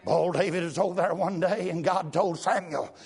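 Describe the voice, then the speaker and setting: Gravelly high-pitched older preacher. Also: male voice, moderate pace, darkish tone. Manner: fervent, rhythmic preaching with a constant "uh" before each phrase. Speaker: guest preacher. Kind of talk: revival sermon. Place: church.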